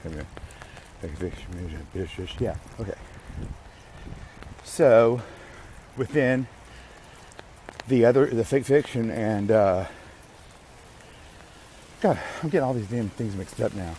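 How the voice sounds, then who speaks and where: A man's voice: on the low side, lively intonation, slow, long pauses, warm tone, slight background noise. A man hosting a podcast, rambling casually to himself with restarts and the odd curse. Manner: rambling, self-interrupting, occasional swearing. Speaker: podcast host.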